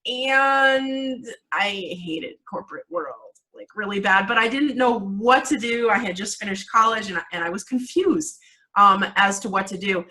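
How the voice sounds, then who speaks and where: A woman in her forties, a guest in a casual interview, telling a story in an animated way, laughing often and using many fillers. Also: medium pitch, measured pace, rough recording. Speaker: guest, video marketing coach.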